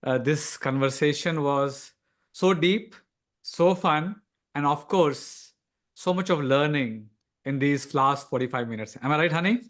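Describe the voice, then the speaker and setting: A man's voice: on the high side, a little slow, fairly bright tone. A man hosting a podcast, thanking his guest effusively over a video call. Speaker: podcast host. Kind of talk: closing remarks.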